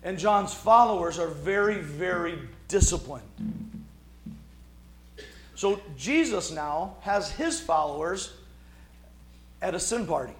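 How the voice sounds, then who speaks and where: A man's voice: sits high, expressive, slow, long pauses, reverberant, slight background noise. A man preaching a sermon in a conversational, emphatic way. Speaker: pastor.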